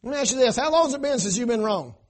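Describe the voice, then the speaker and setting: A man preaching a sermon in church, emphatic and swinging between loud cries and hushed asides, calling on the congregation to answer. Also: very high-pitched, expressive, very fast. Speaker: pastor.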